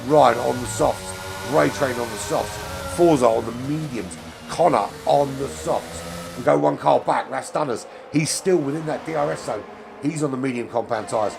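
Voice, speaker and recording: A man's voice: medium pitch, normal speed, gravelly. A man doing chatty commentary on an online sim race, with many fillers. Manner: chatty, fillers, rises to excited calls on overtakes. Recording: music bed under the voice.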